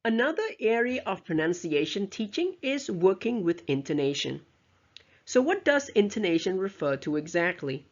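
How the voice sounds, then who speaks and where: Lively, gravelly woman giving a lecture. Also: mid-range voice, normal speed. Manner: explanatory, tags points with "right?" and "you know". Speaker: teacher trainer. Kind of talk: recorded lecture on pronunciation teaching. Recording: dull lo-fi recording.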